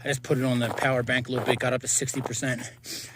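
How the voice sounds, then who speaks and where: A man's voice: flat delivery, quick pace, noisy background. Winded man vlogging on a mountain trail. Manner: tired, breathy and puffing at high altitude. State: out of breath. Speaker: thru-hiker vlogger. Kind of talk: casual hiking vlog. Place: snowy mountain trail outdoors.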